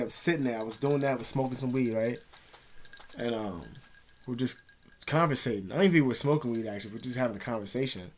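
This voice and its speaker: Vlogging from an indoor room, a young man tells a rambling, profane, streetwise story to the camera. His voice is medium in pitch, with a little hiss or hum.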